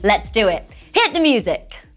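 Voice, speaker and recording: A woman's voice: medium pitch, big pitch swings, unhurried, over music. A woman leading a children's singing lesson, explaining with playful images and praising often. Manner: encouraging, full of praise.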